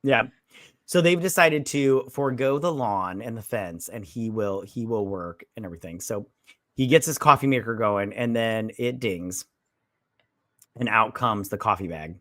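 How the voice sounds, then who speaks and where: A man's voice: lowish voice, lively intonation, normal speed, pushed and bright, no echo, clean studio sound. A man co-hosting a casual movie review chat, rambling and retelling scenes with a lot of "he's like.". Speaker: movie review podcast co-host.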